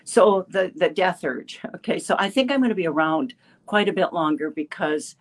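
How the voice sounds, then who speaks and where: A woman in her seventies giving a halting personal testimony with many restarts, a little emotional. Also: fairly low pitch. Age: 70s. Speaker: caller sharing a testimonial.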